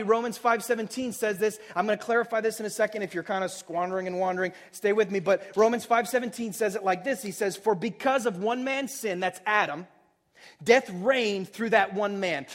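A male pastor preaching a sermon, animated, with many rhetorical questions and sudden swings from loud bursts to hushed asides. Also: sits high.

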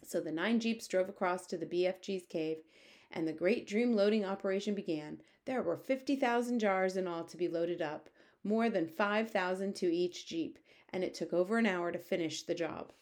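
A woman reading a children's book aloud in steady, measured storytelling. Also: lowish voice. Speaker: reader.

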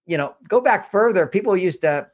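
A man's voice: high-pitched, animated, normal speed, breathy edge. An older man from Houston, Texas, an author speaking as an interview guest, giving earnest, emphatic self-help advice and repeating his points.

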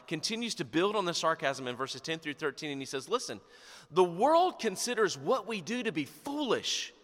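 A man pastor preaching a sermon, animated and sarcastic, acting out quotes as he goes. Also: sits high, in a large hall.

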